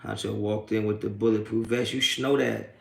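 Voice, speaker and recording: On his live post-game stream, a sports talk host reads chat and taunts trolls with streetwise, profanity-laden trash talk, laughing them off. His voice is on the low side, gravelly, and steady in tone, at a moderate pace, with reverb.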